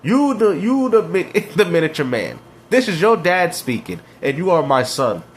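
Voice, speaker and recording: A man's voice: sits high, big pitch swings, normal speed, a little hiss or hum. A man reacting to clips and ranting about video games, mocking and slangy, laughing at his rivals. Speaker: gaming commentator.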